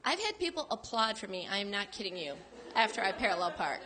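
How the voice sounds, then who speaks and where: A woman from Michigan doing stand-up, telling stories in a boastful, animated way. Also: medium pitch, quick pace, crowd noise. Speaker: stand-up comic. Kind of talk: stand-up set.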